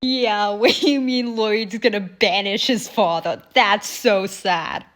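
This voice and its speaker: A woman's voice: medium pitch, takes it slowly. A young woman hosting a reaction video, chatting animatedly and swearing casually. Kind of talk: casual chat.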